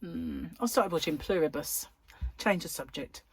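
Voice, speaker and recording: A chatty woman vlogging and telling jokes, laughing as she goes. She talks at an unhurried, slow pace. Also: deep voice, expressive, creaky, breathy edge. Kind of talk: casual chat. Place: in a van.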